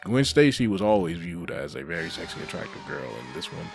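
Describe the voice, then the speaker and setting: A man giving a casual spoken review of an animated show, animated and full of swearing. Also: low-pitched, brisk, gravelly, music in the background. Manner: animated, heavy swearing, frequent laughs.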